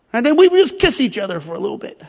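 A man preaching with emphatic, storytelling delivery, stumbling over repeated words as he drives his point. His voice sits high for a man and carries a long reverb from a large hall. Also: vocal fry, darkish tone. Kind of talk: sermon.

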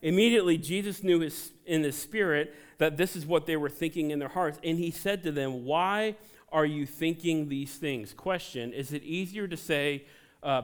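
A man preaching a sermon, his voice sitting a little high. He moves between scripture and playful asides to the congregation, keeping it animated. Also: clear, resonant tone. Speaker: pastor.

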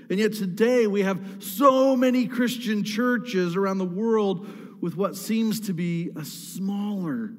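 Male pastor, high voice, emphatic preaching, reverberant church hall. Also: darkish tone. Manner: emphatic, repeats key words, asks the congregation questions. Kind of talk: sermon.

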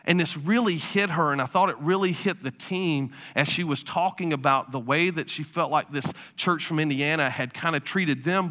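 Male pastor, sermon, conversational storyteller, bright tone. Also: on the high side. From South Carolina. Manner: conversational storytelling preacher, casual fillers.

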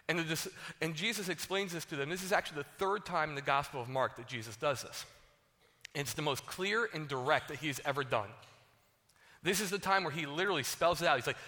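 A man delivers a sermon, retelling the story in casual, animated talk that jumps into the voices of the people in it. His voice is bright and forceful, on the higher side for a man. It rings with the long reverb of a large hall. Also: brisk. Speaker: pastor.

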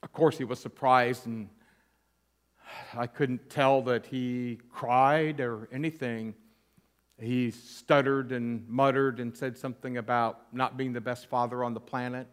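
A man's voice: level tone, a little slow, clear, resonant tone. A man, an interim pastor, giving a personal testimony sermon with candid storytelling, earnest and self-deprecating. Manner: earnest, softening low at emotional points.

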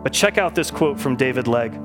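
A man preaching a sermon, fervent and stumbling over repeated words when he gets excited. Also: mid-range voice, brisk. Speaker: pastor. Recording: music playing behind the voice.

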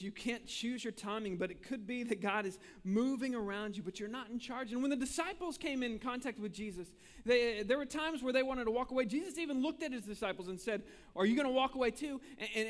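Male pastor preaching, higher voice, earnest, pushes to emphatic peaks. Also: brisk, hardly any pauses. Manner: earnest, builds to emphatic peaks, repeats words when pressing. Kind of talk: sermon.

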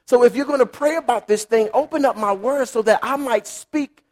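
A man's voice: very high-pitched, moderate pace, a little mellow. A man voicing God as a laid-back, slangy male figure in a sermon. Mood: coaxing. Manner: casual, slangy.

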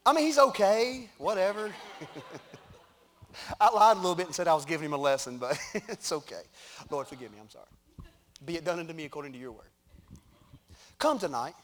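A man's voice: fairly high pitch, expressive, brisk, long pauses, fairly bright tone. A middle-aged man, preaching in a conversational, joking way from a church stage. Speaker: pastor. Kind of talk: sermon with announcements and prayer.

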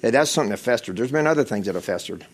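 Husky impassioned male preacher. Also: fairly low pitch, animated, rapid-fire. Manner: impassioned preaching, swinging from loud exhortation to hushed intensity. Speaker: pastor. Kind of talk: sermon.

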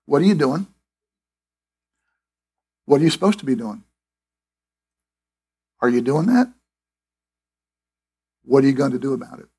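A man's voice: medium pitch, expressive, unhurried, long pauses, warm tone, husky. A middle-aged man preaching a sermon in an emphatic, conversational way, with restarts and asides. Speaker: pastor.

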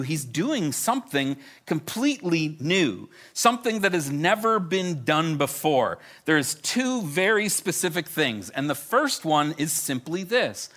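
Animated pastor with a bright voice. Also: male voice, medium pitch. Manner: animated, storytelling, self-deprecating humor. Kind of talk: sermon.

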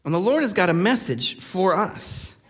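A male pastor preaching a sermon in a relaxed, conversational way, telling stories with many fillers. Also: high voice, moderate pace, slightly rough, in a large hall.

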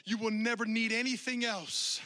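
A male preacher voicing Jesus as a gentle, loving man, speaking slow, tender affirmations that are partly whispered. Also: extremely high pitch, steady tone, pitched above the performer's own voice. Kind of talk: quoted voice in a sermon.

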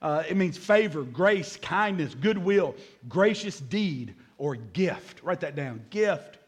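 Male pastor with a high voice, energetic preaching, playful asides. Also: takes it slowly, husky. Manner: energetic, jokes with the congregation, repeats key words. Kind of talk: sermon.

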